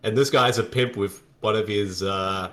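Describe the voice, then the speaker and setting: A man's voice: fairly low pitch, normal speed. A man co-hosting a casual movie commentary, joking and reacting to what is on screen. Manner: jokey and animated. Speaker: co-host.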